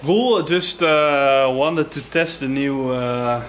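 A man's voice: medium pitch, slow, a little hiss or hum. A man making dry, skeptical remarks in a casual vlog. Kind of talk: casual chat. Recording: roomy echo.

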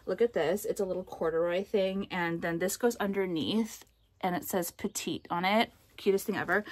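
A woman's voice: mid-range voice, brisk, no room sound. A young American woman chatting casually in a vlog, rambling with lots of fillers, swearing and flaring into outrage. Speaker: vlogger.

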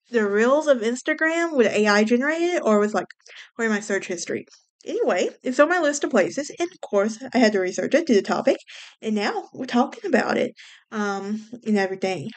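A woman from Alabama with a Southern US accent, hosting a casual solo podcast in a chatty, rambling way with wry asides and a mild speech impediment. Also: on the high side. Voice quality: self-described speech impediment. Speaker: podcast host.

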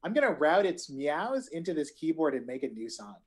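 A woman's voice: low voice, sing-song, fairly quick, pitched below the performer's own voice. A woman putting on a dreamy, singsong pop-star girlfriend. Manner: dreamy, childlike. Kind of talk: online improv comedy.

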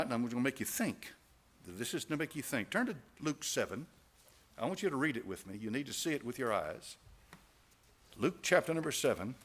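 A man's voice: medium pitch, a bit bright. A male pastor preaching a sermon, emphatic, punching key phrases and asking the congregation rhetorical questions. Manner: emphatic, rises to stressed phrases.

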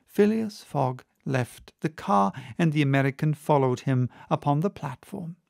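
A man narrating a classic novel as an audiobook in a steady, measured reading. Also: a little high, vocal fry, no echo, studio quality. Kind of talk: scripted narration.

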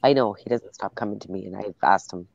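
A woman calling in to a show speaks in a very deep, gravelly voice, keeping her replies soft and short. Her sound comes through as dull, lo-fi call audio. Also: quick pace. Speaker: caller. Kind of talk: call-in conversation.

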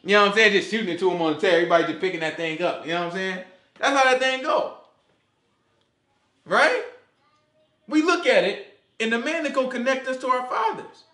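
In an echoey room, a man gives a casual, slangy Sabbath Bible teaching, often asking "you know what I'm saying?" He's animated, acting out quoted voices and laughing along. His high-pitched voice moves a little fast, with frequent pauses.

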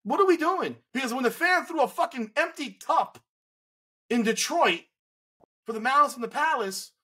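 A man's voice: very high-pitched, animated, moderate pace, pushed and bright, husky, poor audio. A man co-hosting a sports podcast, ranting bluntly and with profanity in an indignant tone. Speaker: podcast co-host. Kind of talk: heated sports opinion rant.

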